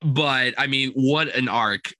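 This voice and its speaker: A young man with a bright, forward voice chats eagerly about a favorite film. His delivery is dry and close, with no room sound. He talks in quick, excited bursts. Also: mid-range voice, no echo. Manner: enthusiastic, quotes lines in loud put-on voices. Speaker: film podcast co-host. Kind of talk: casual film review chat.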